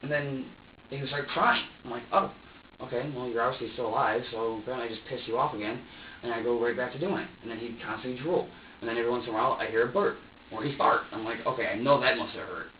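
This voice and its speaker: A young man in his twenties talks in a halting, profane ramble while being questioned. He is picked up from across an echoey interview room. The recording is dull and muffled, with a faint hum of ambience behind him. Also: mid-range voice, far from the mic. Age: 20s. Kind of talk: police interrogation statement.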